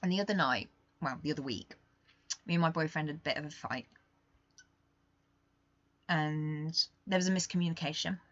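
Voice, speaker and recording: A young woman hosting a podcast, talking candidly in a rambling, confessional way that swings between quiet and emphatic. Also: sits low, moderate pace, long pauses, dry recording, dull audio. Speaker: podcast host. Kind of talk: casual confessional monologue.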